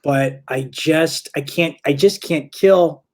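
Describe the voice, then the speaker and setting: A man's voice: on the high side, slow pace. Rambling male comedian telling a story. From St. Louis. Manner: rambling, self-correcting, acts out quoted voices. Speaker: stand-up comedian guest. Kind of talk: casual podcast storytelling.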